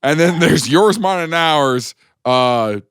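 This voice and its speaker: A man's voice: a little high, lively intonation, slow, noisy background. A man co-hosting a casual podcast, cracking jokes and playfully interrupting the storyteller. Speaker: podcast co-host. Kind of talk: casual joking chat.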